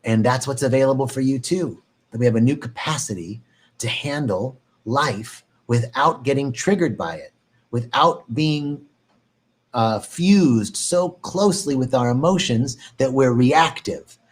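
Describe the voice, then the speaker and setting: Calm man leading a meditation talk. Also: medium pitch, measured pace, husky. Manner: calm, reflective, repeats phrases, swings into animated mock panic. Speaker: meditation teacher. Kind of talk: spoken meditation talk on a live stream.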